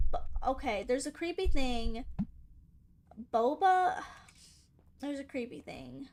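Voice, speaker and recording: Sassy high-voiced young woman gamer. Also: lively intonation, takes it slowly, long pauses, darkish tone, a little hiss or hum. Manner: playful, sassy, talks back to game characters. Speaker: gaming channel host. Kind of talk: casual gameplay commentary.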